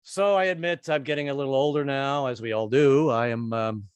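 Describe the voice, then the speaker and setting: A man's voice: medium pitch, fairly even intonation, fairly quick, smooth, dry recording. A man in his sixties doing a stand-up comedy set, rambling and self-deprecating with stammered restarts. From United States. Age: 60s.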